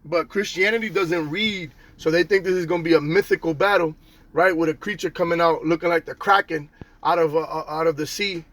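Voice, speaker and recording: A man's voice: fairly high pitch, fairly even intonation, fairly quick, a bit bright. A man teaching from the Bible in a casual street style, tagging nearly every line with "okay?" and "all right?", slangy and profane.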